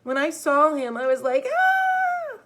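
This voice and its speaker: A woman voicing a whiny, excitable little boy who shrieks as he tells his story. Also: unhurried, exaggerated voice. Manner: high whining child voice with shrieks.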